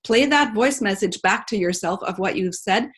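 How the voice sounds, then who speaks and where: A woman's voice: mid-range voice, normal speed, slightly rough. Enthusiastic woman podcast host. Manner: enthusiastic, animated with quoted voices. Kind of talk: casual podcast chat and reading aloud.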